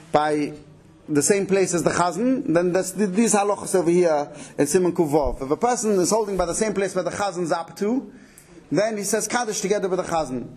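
A man giving a Torah lesson on prayer law, explaining quickly and animatedly, with many Hebrew and Yiddish terms mixed into his English. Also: high voice, darkish tone, slightly rough. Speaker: Torah teacher. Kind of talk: halacha class.

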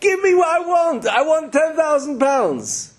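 A man playing a desperate poor man, shrill and shouting. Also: very animated, a little slow, heavily acted. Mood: furious. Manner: shouting, pleading. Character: desperate angry poor man demanding money.

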